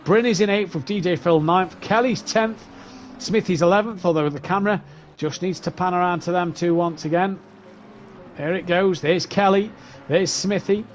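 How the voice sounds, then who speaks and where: Chatty high-voiced race commentator. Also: male voice, moderate pace, slight background noise. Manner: chatty, reels off positions and gaps. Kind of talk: sim racing commentary.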